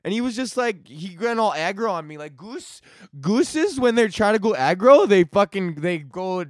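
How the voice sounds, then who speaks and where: A young man hosts a comedy podcast, talking in a loose, profane ramble full of stoner slang. His voice sits a little high. The sound is dry and close, with no room behind it. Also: expressive, moderate pace, no echo. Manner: crude, laughs at his own jokes, stoner slang.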